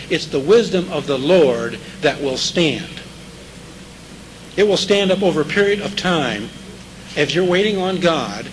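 A man preaching in a relaxed, conversational way, pitched a little above the usual male range. He keeps checking in with his listeners and circles back to the scripture lines he stresses. A faint hiss sits under the voice. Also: poor audio. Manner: repeats key scripture phrases for emphasis. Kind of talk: sermon.

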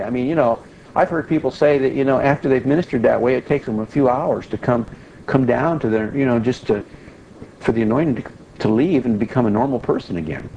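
A man's voice: mid-range voice, gravelly, a little mellow, lo-fi sound, slight background noise. A man teaching an informal Bible study in a loose, conversational way, with frequent restarts and asides.

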